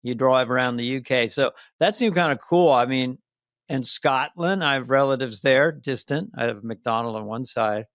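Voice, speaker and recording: An older man co-hosting a podcast in casual chat, rambling and animated, often slipping into little voices. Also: mid-range voice, normal speed, no echo, clean studio sound. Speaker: podcast co-host.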